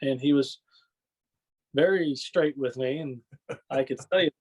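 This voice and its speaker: A man with a husky, medium-pitched voice speaks a little slowly as a guest on a podcast. A wrestling fan, he rambles through stories in casual chat, often laughing and tacking on "you know what I mean."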